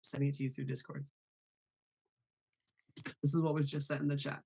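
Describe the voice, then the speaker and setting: A man hosting a live stream in a casual, chatty way, apologetic and quick to laugh. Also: a little high, completely flat delivery, vocal fry, darkish tone, husky.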